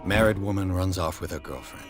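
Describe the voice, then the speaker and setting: An actor playing a weary war-veteran private investigator in a game, speaking in terse, brooding narration. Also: male voice, low-pitched, fairly quick, music in the background, lightly acted. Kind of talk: game voice acting.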